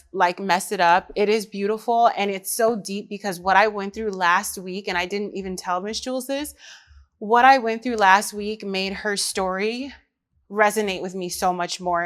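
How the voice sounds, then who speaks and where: A woman, a mother, hosting her own podcast in casual chat, talking lively and straight to the women listening. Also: mid-range voice. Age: adult mother. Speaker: podcast host.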